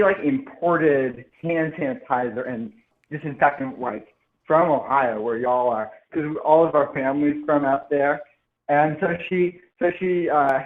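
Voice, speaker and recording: A young man from Seattle calling in to a radio show, chatting earnestly in a slightly formal way. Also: mid-range voice. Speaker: caller. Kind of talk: casual chat. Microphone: phone. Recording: tinny phone line.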